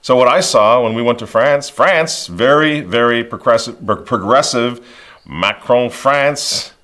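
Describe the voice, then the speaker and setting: A man hosting opinionated online commentary, animated and mocking, acting out the people he quotes. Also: medium pitch, measured pace. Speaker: commentary host.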